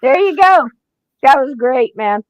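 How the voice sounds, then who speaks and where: A woman's voice: high voice, measured pace, dry recording, rough recording. A woman hosting a podcast, chatting casually and acting out quotes as she tells stories. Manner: animated storyteller acting out quotes. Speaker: podcast host. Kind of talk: casual chat.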